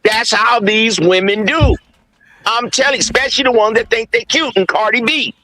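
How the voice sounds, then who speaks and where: A man's voice: very high-pitched, moderate pace, sharp tone. A man in his fifties co-hosting a podcast, talking bluntly and crudely in street slang, rambling through his point. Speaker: podcast co-host. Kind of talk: casual debate.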